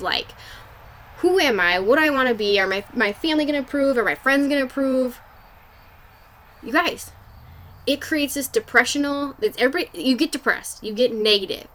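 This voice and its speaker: A woman's voice: mid-range voice, pushed and bright. A young adult woman hosting a podcast, telling a personal story in a candid, casual way, swearing freely and filling with "like". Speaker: podcast host.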